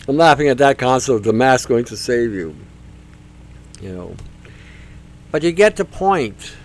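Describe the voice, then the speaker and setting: A man hosting a talk show, speaking in a rambling, emphatic monologue that circles back on itself. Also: medium pitch. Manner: rambling, emphatic, repeats himself. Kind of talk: casual monologue.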